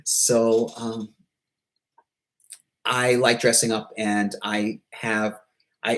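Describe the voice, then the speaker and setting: Man, mid-pitched voice, halting delivery, frequent ums, rambling casual vlog. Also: poor audio. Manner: hesitant, halting, full of ums and restarts; rambling and self-deprecating. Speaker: YouTuber.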